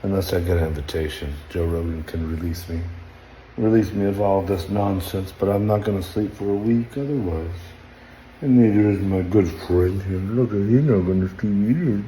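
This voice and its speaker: A man's voice: normal speed, slight background noise. Sleepless man rambling in echoey room. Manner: rambling, drifting between low mutters and sudden loud outbursts. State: sleepless, up all night. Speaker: social media personality. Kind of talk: rambling late-night selfie video. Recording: roomy echoey room, faint ambience.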